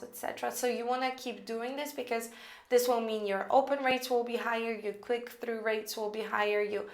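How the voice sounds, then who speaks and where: Woman explaining copywriting, rambly and casual, slightly high voice, roomy echo. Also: steady tone, moderate pace. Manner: chatty, thinks aloud with many fillers. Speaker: copywriting teacher. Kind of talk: casual screen-recorded lesson.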